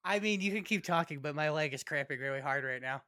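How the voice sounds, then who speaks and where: A young man co-hosting a casual podcast chat, chiming in with quick, curious questions. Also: on the high side, bright, forceful tone.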